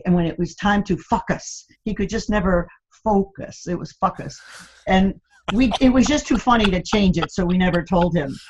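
A woman's voice: mid-range voice, brisk, lo-fi sound, background noise. An older woman chatting as an interview guest, telling family stories and laughing often. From Florida, USA. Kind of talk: casual interview chat.

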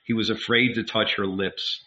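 A man narrating an audiobook in a measured, unhurried way. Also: on the low side, level tone, sharp tone, dull audio. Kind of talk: audiobook reading.

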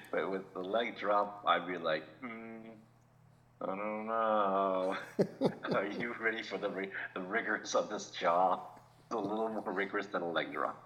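A man's voice: low-pitched, normal speed, pushed and bright. A man co-hosting a podcast, chatting casually and laughing often as he jokes along. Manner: laughs often, chuckling banter. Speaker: podcast co-host. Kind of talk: casual chat. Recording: dull lo-fi sound.

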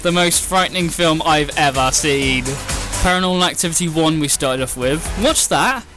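A man's voice: on the high side, normal speed. A young man hosting a radio show in casual, jokey chat, laughing often. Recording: radio studio with background music. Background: music.

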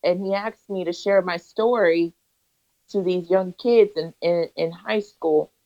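Her voice is lowish and warm, and she keeps a measured pace. As an interview guest, she recounts her story in an earnest, emphatic manner that has the cadence of a preacher. The recording is lo-fi and a little dull.

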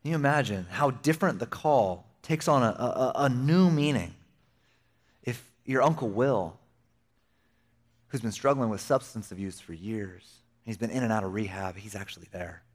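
With a mid-range voice at moderate speed, a young man delivers a sermon as pastor. His style is animated and conversational, with playful asides woven in.

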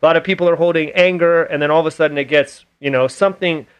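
A man's voice: fairly high pitch, fairly even intonation, fast talker, clear, resonant tone. A man hosting a podcast, telling a personal story candidly and swearing freely in casual conversation. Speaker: podcast host.

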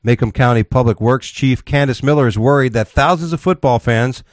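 A man's voice: mid-range voice, a little fast, no echo, studio quality. A man co-hosting a talk show, reading odd news stories and bantering, rambling with restarts and tough talk. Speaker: radio show co-host.

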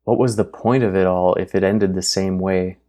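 A man reading a novel aloud as an audiobook narrator in steady, even storytelling. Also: sits low, normal speed. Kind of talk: scripted narration.

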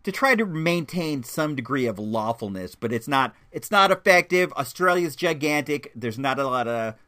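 A man talks through a movie review in a loose, enthusiastic ramble, tripping over his own restarts. His pitch swings widely as he gets excited, and his tone sits at a middling height. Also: normal speed. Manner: rambling, many restarts and fillers; enthusiastic, chatty.

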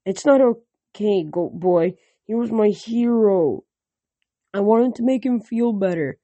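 A man's voice: high-pitched, lively intonation, slow, warm tone, dry recording, voice pushed up, heavily acted. A man reading a storybook aloud and voicing an earnest, big-hearted young male cyclops who pleads. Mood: pleading.

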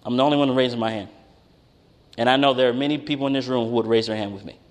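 A man preaching a conversational sermon, telling a personal story with animated, emphatic rises. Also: mid-range voice, rapid-fire. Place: church hall with congregation. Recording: reverberant hall.

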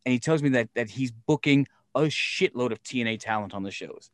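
A man hosting a podcast, telling a story in casual chat, animated and profane, acting out scenes as he goes. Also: mid-range voice, fairly quick, hardly any pauses, dry recording, clean studio sound.

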